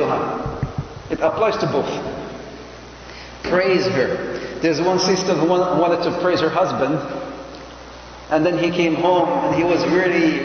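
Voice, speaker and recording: A male preacher with a fairly high voice gives an animated lecture. He acts out little scenes and raises his voice suddenly. It is a muffled recording with long echo from a big hall. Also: slight background noise. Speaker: Islamic preacher. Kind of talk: lecture to an audience.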